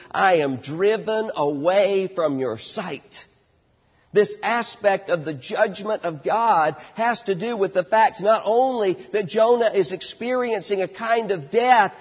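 High-voiced preacher in a reverberant hall. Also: male voice. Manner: emphatic, slows down on key words, drops to a quiet storytelling tone for anecdotes. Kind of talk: sermon. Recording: dull lo-fi sound with long hall reverb.

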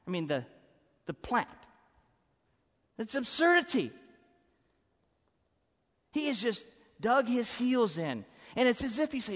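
A man preaching a sermon as pastor, emphatic and swinging from loud to hushed. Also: high voice, big pitch swings, moderate pace, long pauses. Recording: preaching in a hall with long reverb.

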